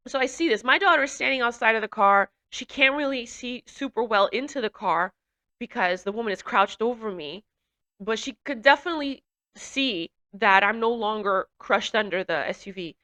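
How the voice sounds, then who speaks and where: A woman telling a personal testimony in an earnest, halting way, with fillers and restarts, growing emotional as she recounts it. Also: a little high, expressive, bright, forceful tone. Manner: grows emotional while recounting. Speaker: speaker giving a testimony.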